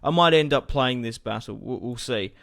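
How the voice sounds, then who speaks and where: A man's voice: medium pitch, normal speed, vocal fry, a bit bright. A man hosting a gaming channel, casually talking through his strategy game as he plays, thinking aloud with asides to viewers. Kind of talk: casual gameplay commentary.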